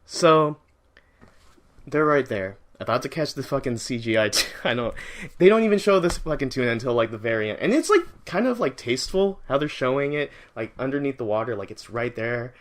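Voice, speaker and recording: A man giving a casual first-reaction movie review, rambling, excitable and heavily profane, often restarting his sentences. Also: medium pitch, brisk.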